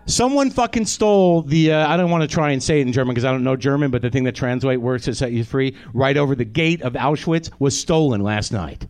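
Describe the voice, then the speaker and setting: A man's voice: medium pitch, brisk, hardly any pauses, a little mellow. Male comedy host on stage, profane, self-deprecating stand-up rant, mid-range voice. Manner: talks straight to the audience. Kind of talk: stand-up monologue. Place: theater stage at a live show.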